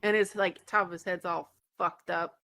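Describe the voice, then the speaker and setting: Female podcast co-host, bright tone, chatty casual delivery. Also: on the low side, steady tone, normal speed. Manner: chatty, laughing asides. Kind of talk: casual chat.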